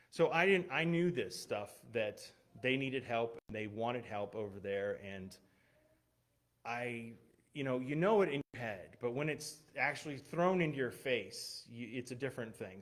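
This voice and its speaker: This missionary pastor, a guest speaker at a church, has a mid-range voice and a moderate pace. He shares personal stories in a chatty way, with lots of fillers and restarts and the occasional laugh at his own expense. The church's online stream is unstable and glitchy.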